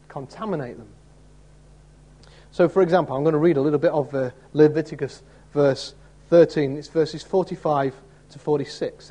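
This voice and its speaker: Husky-voiced man preaching conversationally. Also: a little high, dark tone. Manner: conversational, asks listeners rhetorical tag questions; acts out quoted voices in the story. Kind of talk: expository sermon.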